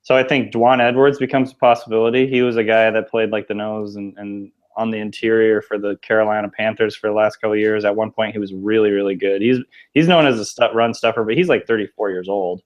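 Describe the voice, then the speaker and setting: Low-voiced man on a dull lo-fi line. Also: fairly even intonation, fast. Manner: easygoing, hedging with "like" and "I think". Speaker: podcast co-host. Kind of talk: casual sports podcast chat.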